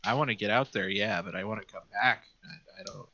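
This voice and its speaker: A man's voice: on the low side, a little fast, bright, forceful tone, no echo, dull audio. Hesitant male player in character. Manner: hesitant, casual, speaks in character.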